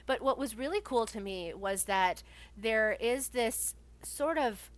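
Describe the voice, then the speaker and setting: A woman's voice: fairly high pitch, lively intonation, slow pace. Chatty enthusiastic woman. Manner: enthusiastic, rambling, many fillers. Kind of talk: casual chat.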